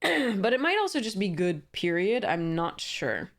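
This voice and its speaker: With a mid-range, very animated voice at a measured pace, this young woman gives casual pack-opening commentary for her card game channel. She reads the cards aloud, laughing softly and filling pauses often.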